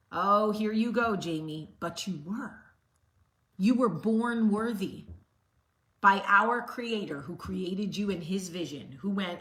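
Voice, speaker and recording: A woman host giving a blunt, sassy motivational talk straight to the camera. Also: mid-range voice. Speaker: vlog host. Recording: roomy echo.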